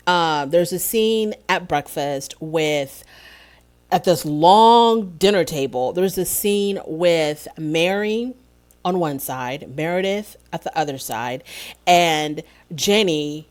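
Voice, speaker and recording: A woman's voice: on the low side, expressive, takes it slowly, darkish tone. A woman casually recapping a reality TV episode, telling it as a chatty, opinionated story.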